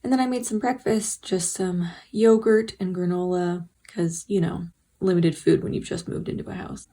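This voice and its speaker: A woman's voice: medium pitch, dark tone. A young woman vlogging about her writing day, chatty and self-mocking, sometimes dropping into a whisper. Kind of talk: casual writing vlog.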